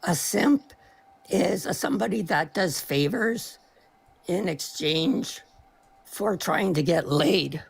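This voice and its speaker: Brief: adult woman caller, gravelly, losing her voice, argumentative, interrupts constantly. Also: fairly low pitch, animated, slow. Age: older than 30. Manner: argumentative, talks over the host. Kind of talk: heated political argument.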